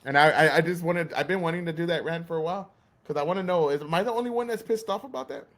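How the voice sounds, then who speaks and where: A man's voice: fairly high pitch, very fast, a bit bright. A man hosting a podcast, ranting in casual, profane chat and acting out store clerks' lines. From Texas. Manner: heated, swearing, acts out store clerks. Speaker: podcast host.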